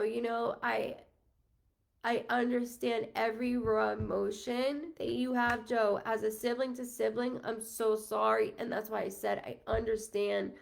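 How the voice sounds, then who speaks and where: A woman's voice: a little high, vocal fry. A woman medium doing live readings, chatting casually with viewers, thanking them by name with lots of ums and the odd swear word. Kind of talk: casual livestream chat with viewers.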